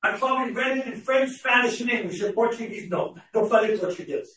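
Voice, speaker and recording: A man preaching a sermon, often repeating words and restarting, then rising to shouted questions to the congregation. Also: extremely high pitch, a little fast, slight background noise. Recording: very echoey hall from far off.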